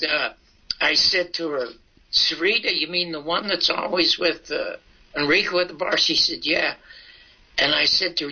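A man's voice: a little high, highs cut off. An older man telling stories in an interview, acting out the dialogue in his anecdotes. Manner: animated, acts out dialogue in his story. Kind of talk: anecdotal storytelling.

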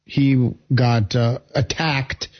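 A man co-hosting a radio show, telling a jokey quick story. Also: mid-range voice, little pitch movement, dull audio. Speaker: radio co-host. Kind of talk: casual radio chat.

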